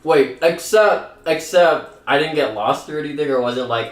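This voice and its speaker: A man's voice: on the high side, normal speed. A man telling a childhood story in casual chat, making wry, jokey asides. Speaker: co-host. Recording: roomy echo, mic at a distance.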